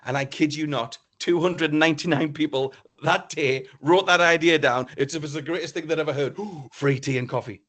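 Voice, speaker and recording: Animated man telling a story. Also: a little high, moderate pace, few pauses. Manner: animated, acts out dialogue with exclamations. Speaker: business speaker and trainer. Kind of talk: storytelling talk to an online audience.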